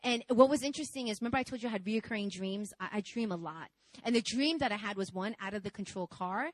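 A woman in her twenties preaching a sermon, telling a personal story in a candid, animated, conversational way. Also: medium pitch, fast, poor audio. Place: church service.

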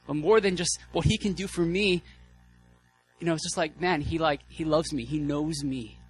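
A man delivers a sermon in a loose, chatty way, piling on fillers and restarting his sentences. His voice sits a little high, and he gets breathless as he works himself up. Soft music plays faintly behind him. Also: normal speed, breathy edge, rough recording. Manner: casual, excitable, lots of fillers and restarts. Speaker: guest preacher.

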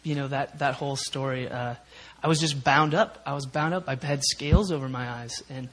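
A man's voice: medium pitch, normal speed, a bit bright. A man from Minnesota giving a personal testimony at a church prayer meeting, emotional and rambling, with many fillers. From Minnesota, USA.

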